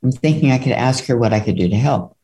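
A woman's voice: rumbling low, animated, fast, dark tone. An older woman co-hosting a casual devotional chat, talking in a conversational, earnest way. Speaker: co-host.

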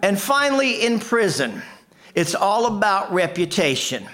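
A man performing a comic tall tale, with a deadpan, punchy delivery. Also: sits high, measured pace. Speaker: storyteller.

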